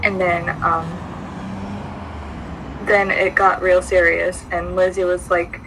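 A woman's voice: lowish voice, little pitch movement, takes it slowly, fairly bright tone, a little hiss or hum, low-quality recording. A young woman chatting on a podcast, retelling a dream with many fillers and restarts, recorded outdoors near a street. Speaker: podcast co-host. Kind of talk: casual chat, retelling a dream.

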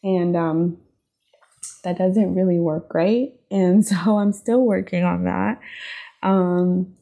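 Young woman podcast host, warm low-key tone with vocal fry, earnest confessional delivery. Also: steady tone, takes it slowly. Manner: earnest, heartfelt, frequent "right?" and "like". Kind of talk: reflective personal podcast monologue.

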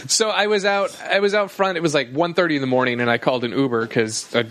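A man co-hosting a casual comedy podcast, an animated storyteller who swears a lot and shouts when he acts out arguments. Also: fairly high pitch, fast talker. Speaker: podcast co-host.

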